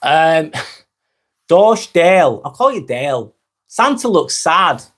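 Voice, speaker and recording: A man from England with a Lancashire accent from North West England hosts a casual live stream, answering viewer comments, chuckling a lot and calling people mate. His voice is fairly high and sing-song, slow, and a bit bright.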